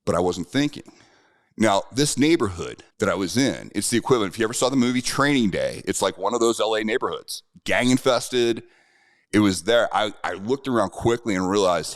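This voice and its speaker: Middle-aged guy, really low voice, dry close sound, chatty earnest storytelling. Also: expressive, normal speed, no echo. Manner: conversational, earnest, with restarts. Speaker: self-defense instructor. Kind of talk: personal storytelling to camera.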